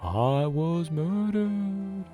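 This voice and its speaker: A man voicing the vengeful ghost of a murdered woman, with slow, drawn-out, eerie phrasing. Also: sits high, expressive, mellow, soft background music, full character voice. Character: ghost of a murdered woman speaking through a medium.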